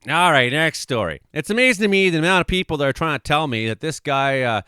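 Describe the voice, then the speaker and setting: A man's voice: fairly high pitch, animated, fast talker, sharp tone, smooth, no room sound, clean studio sound. Sarcastic, profane man ranting. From Canada. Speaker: weather show host. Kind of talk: rambling live commentary.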